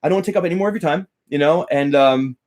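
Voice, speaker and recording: A man's voice: fairly high pitch, racing. A young adult man, a guitar teacher, eagerly telling a personal story in casual chat, laughing often and acting out what others said. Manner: animated, laughing, quoting others with voice changes.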